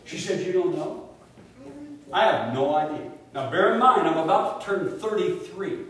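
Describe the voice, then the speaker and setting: A middle-aged man preaching a sermon and telling a personal story, animated, dropping to hushed tones when he quotes family. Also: on the high side, normal speed. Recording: echoey room, speaker far from mic, faint hiss.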